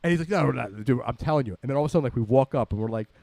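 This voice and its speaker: Fast-talking man spinning a profane story. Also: medium pitch, gravelly, no room sound. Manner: rambling, animated, swears a lot. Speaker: podcast host telling a story.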